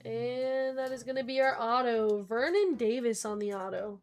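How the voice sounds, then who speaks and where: Young woman, high voice, breaks host, quick chatty name lists, faint music behind. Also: a little mellow. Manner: rapid listing of names, chatty asides to viewers. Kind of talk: live-stream card break commentary.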